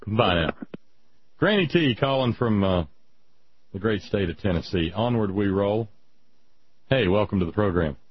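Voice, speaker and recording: A man's voice: lowish voice, lively intonation, normal speed, long pauses, slightly rough. A man hosting a talk radio show, genial and folksy. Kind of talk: radio conversation. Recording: dull lo-fi radio sound.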